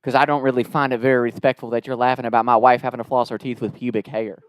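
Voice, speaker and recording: A man voicing an offended Southern husband with a slow, drawling twang, complaining formally in a pompous, straight-faced way. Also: medium pitch, flat delivery, no room sound, pitched below the performer's own voice, close to an everyday voice. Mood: indignant. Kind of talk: prank-call impression within a comedic story.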